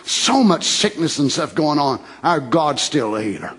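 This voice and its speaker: A man preaching a fervent sermon, repeating phrases and rising to shouts. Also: on the high side, big pitch swings, moderate pace.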